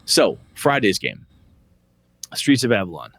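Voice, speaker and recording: A middle-aged man with a lowish voice that rises and falls a lot as he talks. He co-hosts a podcast in a loose, animated style, swearing freely as he tells stories. The sound is close and dry, with no room echo. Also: fairly quick. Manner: animated, profane, storytelling. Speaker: podcast co-host. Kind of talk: casual chat.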